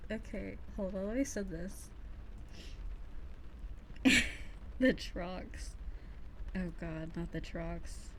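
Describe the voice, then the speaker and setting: A woman streaming soft-spoken ASMR, chatting with viewers in a soft, giggly voice that drifts into whispers. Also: lowish voice, slow, background noise.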